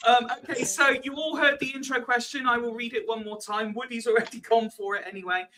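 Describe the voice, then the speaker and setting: A man's voice: very high voice, steady tone, fairly quick, over a noisy crowd, rough recording. A man with a West Country accent hosting a casual live-streamed podcast, chatty and swearing freely, tripping over repeated words. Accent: West Country English. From Swindon, England. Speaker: podcast host.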